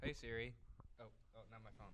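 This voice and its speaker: A man on a casual podcast, teasing the others with deadpan jokes. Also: medium pitch, fast talker. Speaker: podcast co-host. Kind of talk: casual chat.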